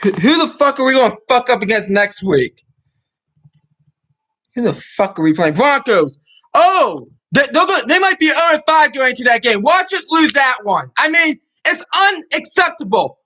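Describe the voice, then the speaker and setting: A man's voice: very high-pitched, big pitch swings, normal speed, bright, forceful tone, low-quality recording. A young man on his own sports channel, ranting furiously about a loss, swearing and repeating himself. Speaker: sports vlogger. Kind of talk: angry sports rant.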